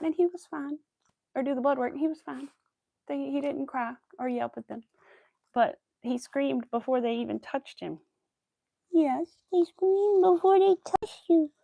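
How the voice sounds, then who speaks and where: A young woman crocheting on a livestream from home with a clip-on mic, chatting with viewers and softly counting her stitches. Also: fairly high pitch, gravelly, dry recording. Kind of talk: casual chat while crocheting on stream.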